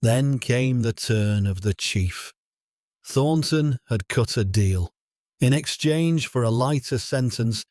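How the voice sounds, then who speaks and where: A man narrating a scripted drama story in a steady, solemn way. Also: medium pitch, no room sound, clean studio sound.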